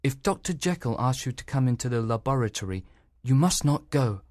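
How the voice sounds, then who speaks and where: A man's voice: mid-range voice, lively intonation, a little fast, a little mellow, no echo, studio quality, voice pushed up, close to an everyday voice. A man voicing a frightened, loyal male servant who speaks anxiously and politely, calling the lawyer sir. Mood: hushed.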